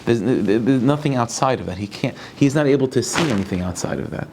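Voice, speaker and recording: A male rabbi giving a Torah lecture. He talks in halting bursts, restarting and repeating words as he thinks aloud. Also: mid-range voice, animated, noisy background.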